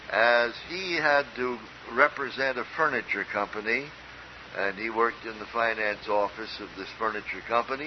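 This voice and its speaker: Older guy from minnesota preaching, earnest and emphatic, muffled lo-fi recording. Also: mid-range voice. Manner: earnest, emphatic, with storytelling asides. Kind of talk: sermon. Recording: dull lo-fi recording with faint hiss.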